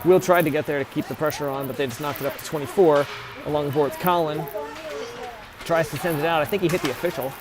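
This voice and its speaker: A man's voice: on the high side, steady tone, fast talker, crowd noise. A man giving casual play-by-play of a youth hockey game, chatty and often correcting himself on player names. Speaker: amateur play-by-play commentator. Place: ice rink.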